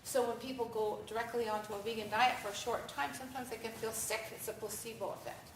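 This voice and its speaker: An American woman giving a talk at an event, telling stories with animated quoted voices, asking for the next slide. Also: on the high side, fast, background noise. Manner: animated storytelling, acts out quotes. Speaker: vegan speaker giving a talk. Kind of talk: conference presentation with slides. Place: event hall at a festival. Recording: echoey hall, distant mic.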